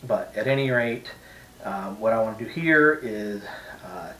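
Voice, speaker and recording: A man's voice: lowish voice, a little slow, sharp tone, echoey room, distant mic, a little hiss or hum, rough recording. A man voicing a rambling painter in a put-on Eastern European accent, hosting an art tutorial from his home studio. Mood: chatty. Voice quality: rambling, many restarts and fillers. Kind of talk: casual talk to camera.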